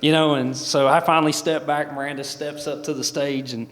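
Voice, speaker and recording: A man's voice: fairly high pitch, flat delivery, fairly quick, fairly bright tone. A man gives a folksy personal testimony as a guest speaker, with many restarts. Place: large event hall. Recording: long hall reverb.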